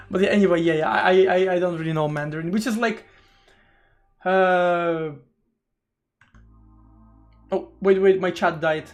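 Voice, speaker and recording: A streamer chatting casually during a live coding session, rambling with stammered restarts and casual swearing, faint music behind. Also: mid-range voice.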